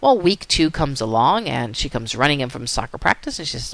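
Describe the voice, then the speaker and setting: A woman's voice: a bass voice, expressive, brisk, gravelly, few pauses, no echo. Lady teaching a psych class, tells a story, asks questions, voice jumps around a lot. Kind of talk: lecture.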